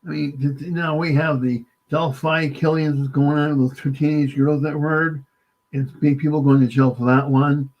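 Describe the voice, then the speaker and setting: A man from the United States, guest author in an interview, halting and polite, often saying "sir". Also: fairly high pitch, little pitch movement. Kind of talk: casual interview. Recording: dull lo-fi remote line.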